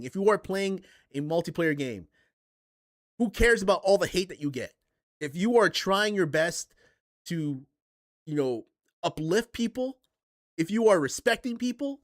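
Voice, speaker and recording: A man's voice: high-pitched, a bit bright. A man hosting a livestream, ranting casually and profanely, with rambling restarts. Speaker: streamer and podcast host.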